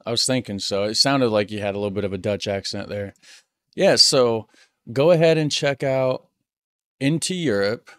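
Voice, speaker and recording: A man's voice: mid-range voice, moderate pace, a bit bright, clean tone, no echo. An American man hosting a reaction channel, chatting casually and repeating words as he thinks aloud. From United States.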